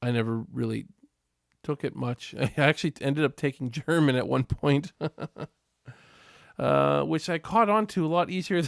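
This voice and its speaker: A man's voice: a little high, creaky, dry recording, clean studio sound. A man from Western Canada hosting a casual live stream, rambling and chatty as he answers viewers in the chat. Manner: rambling, chatty, laughs often. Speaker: livestream host.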